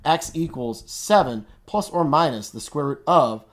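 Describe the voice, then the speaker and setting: A man's voice: fairly high pitch, animated, a little slow. A man teaching math in a casual, upbeat way, using slang and thinking aloud as he works each step. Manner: upbeat, slangy, talks to himself while working. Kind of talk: casual classroom explanation.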